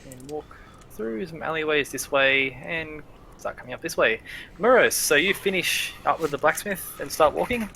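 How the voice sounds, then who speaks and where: A man's voice: fairly high pitch, animated, normal speed, gravelly, pushed and bright, slight background noise. A man narrating as game master of a tabletop game, chatty, with many fillers.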